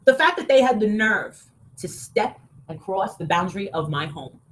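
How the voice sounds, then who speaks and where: A woman talking in a heated, casual rant, swearing often and breaking into loud outbursts. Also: medium pitch, expressive, normal speed, a little hiss or hum. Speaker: online show guest.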